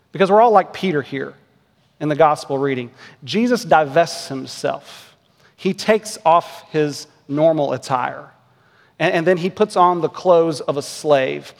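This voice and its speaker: A man in his thirties preaching a sermon in a church, earnest and measured, pressing his point with emphatic rhetorical questions. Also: fairly high pitch. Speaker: pastor. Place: church sanctuary. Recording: long church reverb.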